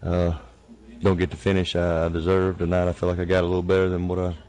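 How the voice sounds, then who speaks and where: A man giving a modest, low-key post-race interview as the winning sim racer. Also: completely flat delivery, fast talker, a little mellow.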